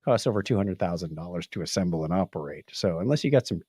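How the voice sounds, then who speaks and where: A man's voice: low-pitched, quick pace, slightly rough, no echo, studio quality. A man co-hosting a podcast, casually recapping tech news and reading quotes out in playful voices. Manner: animated storyteller, reads quotes in playful voices. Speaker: podcast co-host.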